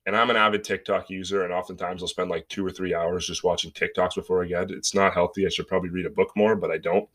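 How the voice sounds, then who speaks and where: A man's voice: low voice, sharp tone. A man in his twenties hosting a solo podcast, ranting with sarcasm and mockery in casual talk. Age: 20s. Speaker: podcast host.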